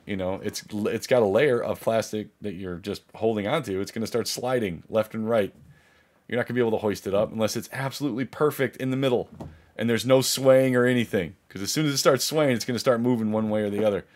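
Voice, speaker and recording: A man with a lowish voice speaks a little quickly, rambling through a story as a vlogger. His telling is profane and full of restarts, and he animatedly acts out other people's voices in this casual storytelling.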